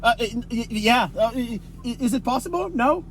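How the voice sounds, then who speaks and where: An exasperated man from Haiti rants through a comic skit, stammering and tripping over his words. His voice is high and swings widely in pitch. A faint car hum runs underneath. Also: expressive, moderate pace, fairly bright tone. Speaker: comedy creator. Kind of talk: comedic monologue skit.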